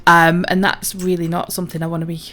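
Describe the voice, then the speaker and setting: A woman's voice: lowish voice, completely flat delivery, quick pace, a bit bright. A woman streaming a video game, chatting casually and rambling with lots of ums. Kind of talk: casual gameplay commentary.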